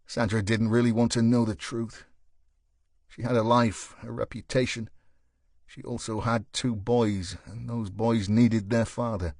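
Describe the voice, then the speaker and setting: Guy reading a mystery audiobook, steady and measured, dry close mic. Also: medium pitch, no room sound. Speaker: audiobook narrator. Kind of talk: scripted audiobook narration.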